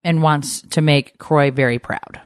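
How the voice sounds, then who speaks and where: A woman's voice: low voice, fairly even intonation, unhurried, no room sound, studio quality. A woman in casual chat, gushing and chiming in.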